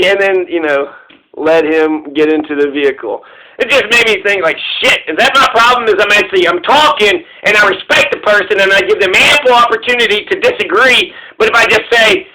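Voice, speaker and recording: High, bright-voiced rambling man. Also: animated, normal speed, rough recording. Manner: meandering, profane, acts out voices of others. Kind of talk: rambling personal storytelling.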